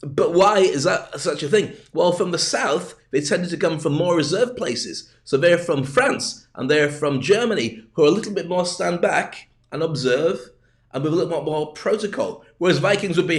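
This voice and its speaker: A man's voice: fairly high pitch, expressive, moderate pace. A man hosting a rambling, jokey comic monologue full of digressions. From north of England. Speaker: host and speaking coach.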